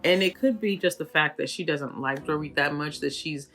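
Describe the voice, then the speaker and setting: Woman gossiping thru a tv recap, bright voice, lots of likes, soft music under it. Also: sits low, moderate pace. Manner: chatty, animated, filler-heavy. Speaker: reality TV recap host. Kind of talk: casual commentary.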